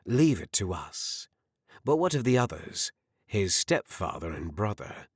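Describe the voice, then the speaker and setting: A man voicing a sly, obedient hooded assassin who speaks slowly and quietly. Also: on the low side, big pitch swings, slightly rough, no room sound, studio quality, heavily acted.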